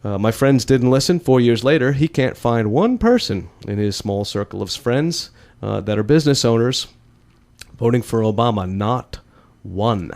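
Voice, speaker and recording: A man's voice: medium pitch, lively intonation, moderate pace, darkish tone. A man hosting a political talk show, wry and folksy, ticking through points with a recurring catchphrase. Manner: folksy, wry, repeats a catchphrase, chuckles at own jokes. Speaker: host.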